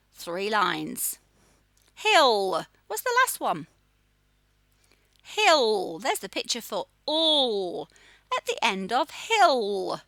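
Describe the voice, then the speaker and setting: A woman teaching young children to read, her voice bright and clear, with a dry, close sound and no room around it. She speaks slowly and sounds out each letter in a lively, sing-song way that rises high and drops low. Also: no room sound. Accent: Australian. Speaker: phonics teacher. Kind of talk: children's phonics lesson.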